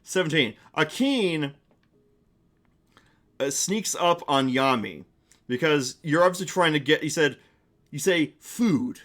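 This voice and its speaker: A young man narrating a live-streamed tabletop game as game master, chatty with quick asides. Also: fairly high pitch, lively intonation, fairly bright tone. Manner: chatty, quick asides, laughs at own jokes.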